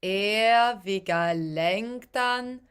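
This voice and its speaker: Slow, patient woman coaching pronunciation. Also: medium pitch, a bit bright, clear, resonant tone. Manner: patient, repeats and demonstrates sounds slowly. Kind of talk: language coaching for singers.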